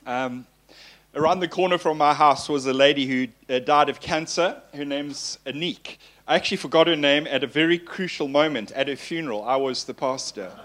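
A man's voice: a little high, a little fast, a bit bright. A male pastor preaching in a conversational way, telling personal stories with a self-deprecating tone and frequent fillers.

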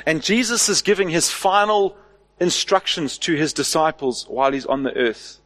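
A man's voice: fairly high pitch, expressive, moderate pace, fairly bright tone. A man preaching a sermon as the pastor, asking rhetorical questions and stressing key words. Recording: long hall reverb.

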